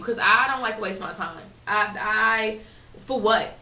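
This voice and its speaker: Blunt, chatty young woman, bright tone. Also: medium pitch, unhurried. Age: 20s. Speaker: vlogger. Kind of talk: casual storytelling to camera. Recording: echoey room, mic at a distance.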